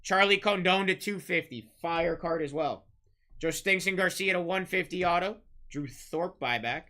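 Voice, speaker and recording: Man hosting a live card break, high voice, very bright tone, rapid-fire card calls with shouted big hits. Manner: chatty, teasing banter with chat.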